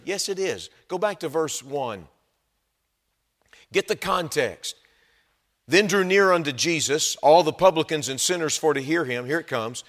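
Preacher shouting and dropping to asides. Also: male voice, fairly high pitch, lively intonation, normal speed, long reverb tail. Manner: swings from soft asides to shouted emphasis. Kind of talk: sermon.

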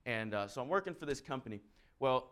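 A man giving a sermon, telling a humorous personal story in a chatty, animated way. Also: medium pitch, very fast. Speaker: preacher.

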